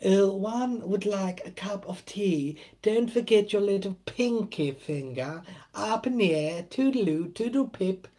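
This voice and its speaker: A man's voice: sits high, a little fast, warm tone, breathy edge. A man putting on a mocking caricature of a posh, stuffy British tea-drinker, speaking with exaggerated upper-crust affectation.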